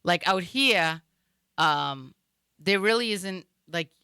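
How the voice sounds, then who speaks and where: A woman's voice: lowish voice, clean tone, no room sound, clean studio sound. A woman from Boston with a Boston accent, telling stories in casual chat and acting out other people's lines. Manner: animated storyteller, acts out others in quick quoted voices. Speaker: guest. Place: studio.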